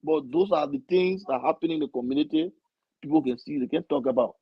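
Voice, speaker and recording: Male talk show guest, husky tone, muffled and dry audio. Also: a little high, brisk, no echo. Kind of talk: casual talk show discussion.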